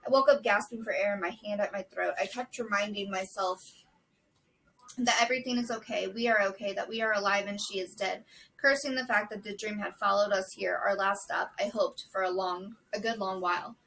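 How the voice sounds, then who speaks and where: A woman reading a novel chapter aloud in a steady, measured way, with brief casual asides. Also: mid-range voice, creaky, recorded from a distance, poor audio. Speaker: book vlogger.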